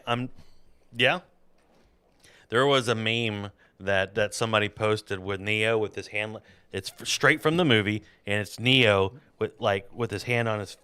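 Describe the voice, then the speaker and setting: A man's voice: on the low side, sharp tone, clean tone, no echo. A man hosting a podcast in casual, rambling chat, laughing at his own jokes. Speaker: podcast host.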